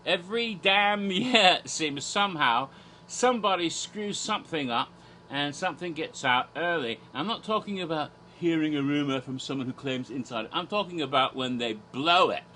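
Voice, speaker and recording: A man's voice: on the high side, expressive, moderate pace, bright, forceful tone, slight background noise. Man with a put-on British accent. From Asia. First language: American English. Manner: theatrical, silly asides, chuckling digressions. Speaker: horror theme park vlogger. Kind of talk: rambling casual commentary in a persona.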